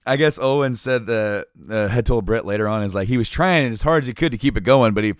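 A man in a casual chat who tells long stories in a halting, rambling way with many fillers. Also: mid-range voice, no room sound, clean studio sound.

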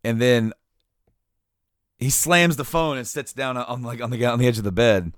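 A man in a casual chat who tells long stories in a halting, rambling way with many fillers. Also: mid-range voice, animated, dry recording, studio quality.

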